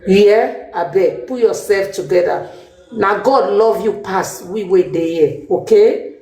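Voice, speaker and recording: A woman's voice: medium pitch, slow, dark tone, reverberant, low-quality recording. A woman with a Nigerian Pidgin accent giving earnest, pleading, sisterly advice as a guest on a live stream. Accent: Nigerian Pidgin English.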